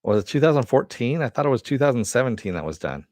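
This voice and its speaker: A man's voice: mid-range voice, big pitch swings, fast talker, darkish tone, no room sound, studio quality. A man hosting a casual live-stream chat, answering viewers and swearing now and then. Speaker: host.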